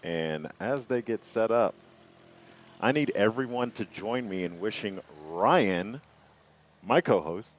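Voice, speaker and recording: A man co-hosting live commentary with relaxed, affirming banter. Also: fairly low pitch, slow pace. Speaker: co-host commentator.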